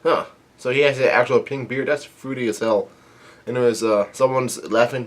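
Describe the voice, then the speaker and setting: A man casually reading a comic chapter aloud and commenting on it, halting with frequent restarts. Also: medium pitch, steady tone. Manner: halting, many fillers and restarts.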